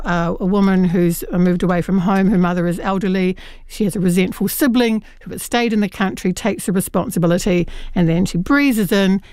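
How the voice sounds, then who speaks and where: A woman's voice: medium pitch, a little mellow, no room sound, studio quality. A woman reviewing a short story collection in an earnest, chatty way, with many fillers and restarts. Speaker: book reviewer. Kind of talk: radio book review chat.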